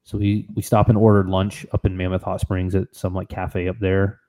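A man co-hosting a podcast, telling a trip story in an animated, excitable, casual way. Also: deep voice, normal speed. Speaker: podcast co-host.

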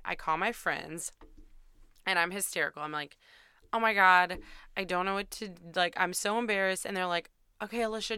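A woman's voice: medium pitch, bright, forceful tone, clear, resonant tone, no room sound, clean studio sound. A young woman host telling a candid, self-deprecating dating story in a chatty way, swearing freely. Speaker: podcast host.

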